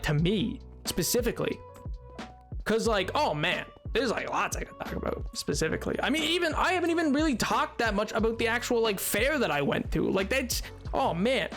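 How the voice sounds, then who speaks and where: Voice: medium pitch, lively intonation, brisk, fairly bright tone, faint music behind. A livestreamer chatting casually while gaming, rambling with lots of restarts and filler words.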